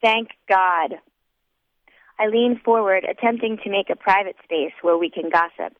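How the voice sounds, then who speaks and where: A woman narrating a first-person audiobook in a wry, measured way. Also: mid-range voice, dry recording. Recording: dry, tinny phone-like sound.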